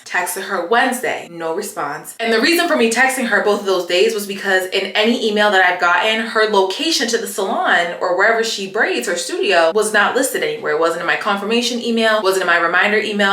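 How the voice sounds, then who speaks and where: A young woman talks straight to her viewers in a bright, forceful voice, chatty and expressive. She leans into emphatic repeats as she vents. The room around her rings with a noticeable echo. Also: mid-range voice. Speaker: vlogger. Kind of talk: casual chat to camera. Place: home, getting ready for the day. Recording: roomy echo.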